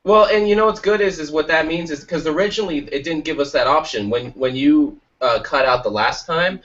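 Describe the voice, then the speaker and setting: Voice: mid-range voice, brisk. A podcast co-host in casual chat, joking and reacting with laughter. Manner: lively, jokey, reacts with laughter. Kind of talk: casual chat over a call. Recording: distant, dull lo-fi call audio.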